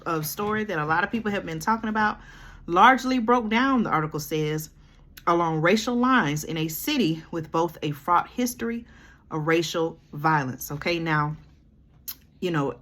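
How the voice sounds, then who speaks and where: A woman's voice: fairly low pitch, a bit bright. Woman reading news aloud. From Georgia, USA. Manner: reads aloud with frequent "okay?" and "y'all" asides. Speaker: commentary vlogger. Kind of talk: reading and commenting on a news article.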